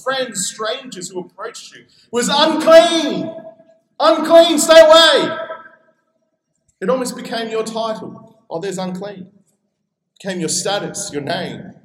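A man's voice: high-pitched, reverberant, low-quality recording. A man with an Australian accent preaching a sermon in a conversational way, acting out quoted voices as he goes. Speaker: pastor.

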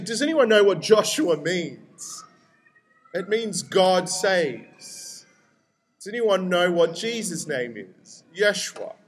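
Young man, high-pitched, animated sermon, chatty asides. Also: slight background noise. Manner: lively, conversational preaching with animated quoted voices. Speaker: pastor.

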